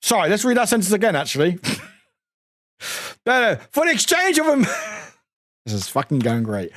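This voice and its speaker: Giggly streamer with a lively voice. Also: male voice, high-pitched, normal speed, long pauses, no echo, studio quality. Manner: giggly, stumbles over words and restarts readings. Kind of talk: casual let's-play commentary, reading in-game text aloud.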